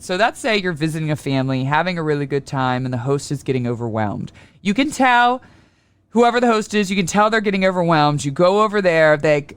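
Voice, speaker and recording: A man's voice: on the high side, a bit bright, clean tone. A man hosting a solo astrology podcast, talking in a loose, rambling way and acting out little everyday scenes. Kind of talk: casual solo podcast talk.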